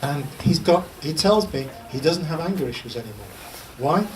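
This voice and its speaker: A man's voice: on the high side, expressive, moderate pace. A man giving an informal religious teaching talk in a lecture room, chatty and humorous, telling stories and repeating a chant. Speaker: Islamic teacher. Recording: distant mic with faint background noise.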